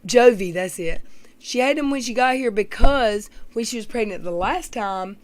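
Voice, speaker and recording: A woman's voice: a little high, lively intonation, normal speed. A woman hosting a livestream, chatting casually with viewers in a blunt, rambling, gossipy way. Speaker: livestream host. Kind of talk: casual chat with live viewers.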